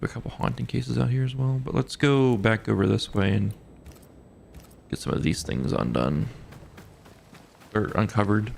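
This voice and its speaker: A man giving relaxed, casual commentary while livestreaming a game, thinking aloud and laughing easily. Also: fairly low pitch, normal speed, gravelly, pauses often, slight background noise. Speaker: gaming streamer. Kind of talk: casual live gameplay commentary.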